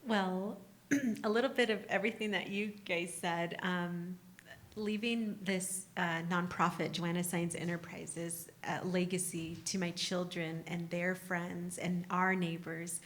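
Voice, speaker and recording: A woman on a live university panel with a low, even voice. She speaks in a measured, steady way as a nonprofit founder.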